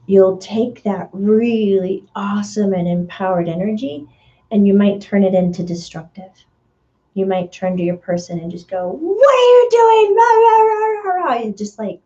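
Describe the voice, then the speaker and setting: A woman medium talks slowly through a spiritual energy reading, her voice soft and mellow. She hunts for words with plenty of fillers and sometimes breaks into sudden high acted voices. The recording sounds a little dull and muffled. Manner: slow, dreamy, searching for words with many fillers.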